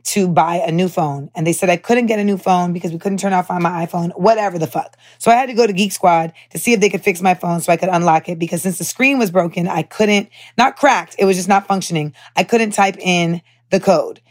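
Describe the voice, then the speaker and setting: A woman's voice: on the low side, brisk, hardly any pauses. Chatty young woman podcaster. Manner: candid, animated storytelling with profanity and many fillers. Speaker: podcast host. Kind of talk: casual chat.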